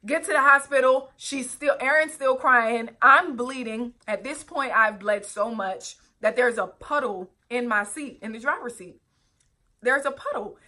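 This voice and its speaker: A woman's voice: fairly high pitch, unhurried, sharp tone. A young woman vlogger telling a personal story earnestly, with direct asides to her viewers. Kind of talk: storytime vlog, recounting a personal ordeal.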